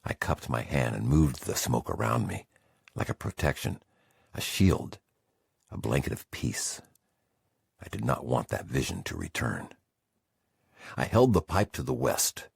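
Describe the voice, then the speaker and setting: A man's voice: extremely low pitch, big pitch swings, measured pace, gravelly, long pauses, breathy edge, dry recording, studio quality. A man narrating a memoir audiobook in the first person with intense, emotional storytelling.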